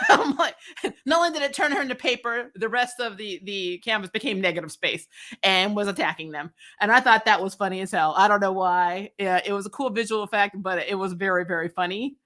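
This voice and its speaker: A woman's voice: mid-range voice, fairly quick, fairly bright tone. A woman casually reviewing a TV episode, frank and chatty, laughing often and swearing freely. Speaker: TV review vlogger. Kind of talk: casual spoiler review chat.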